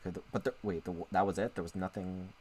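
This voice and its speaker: A man's voice: deep voice, steady tone, fast talker, darkish tone, a little hiss or hum. A man streaming as a VTuber, chatting casually with viewers as he plays and reads a visual novel, rambling and often interrupting himself. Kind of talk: casual live-stream chat while playing a visual novel.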